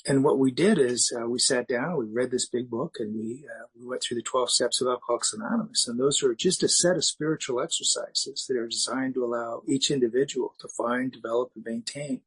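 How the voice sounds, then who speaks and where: A middle-aged man giving a personal recovery share at a meeting, telling his story candidly and haltingly, with many restarts. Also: mid-range voice, slightly rough, poor audio. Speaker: speaker sharing at a recovery meeting.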